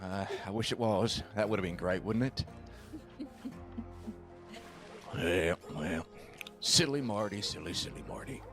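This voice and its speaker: A man's voice: deep voice, measured pace, long pauses, over music. A man playing a nervous, self-deprecating frontier man who rambles and swears in a western roleplay. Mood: curious.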